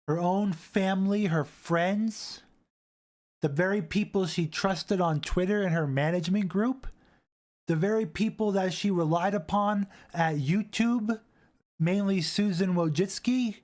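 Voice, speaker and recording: A man hosting a casual live stream, rambling, repeating himself and reading chat aloud into a boom-arm desk mic. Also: measured pace, a little mellow.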